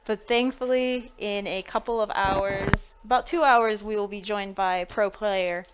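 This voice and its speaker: Woman host, casual streamer chat, mid-pitched, loose and chatty, laughs easily. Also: background noise. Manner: chatty, thinking aloud, laughing between remarks. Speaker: live-stream pack opener.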